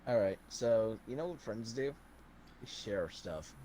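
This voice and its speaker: A man's voice: fairly low pitch, lively intonation, unhurried, warm tone, a little hiss or hum. A man playing a tabletop game in a joking, mock-sinister manner. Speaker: player. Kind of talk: casual tabletop play.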